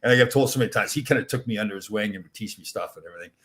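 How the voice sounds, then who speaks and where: Fast-talking man telling hockey stories. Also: lowish voice, a bit bright. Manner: rambling, laughs through his stories. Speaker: podcast host, former hockey player. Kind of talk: casual storytelling chat.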